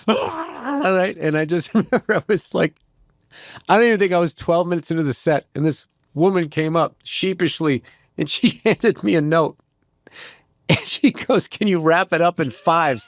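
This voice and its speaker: A man's voice: on the high side, moderate pace, no echo, studio quality. A man, a stand-up comedian, telling rambling, profane stories in casual chat and acting out the voices of the people in them. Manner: rambling, profane, trails off into asides. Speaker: stand-up comedian, interview guest.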